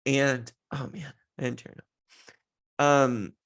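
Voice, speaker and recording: With a medium pitch, level tone, measured pace and fairly bright sound, a man in his thirties hosts a podcast and shares a heartfelt personal story. It comes out rambling, with frequent restarts, and he seems near tears.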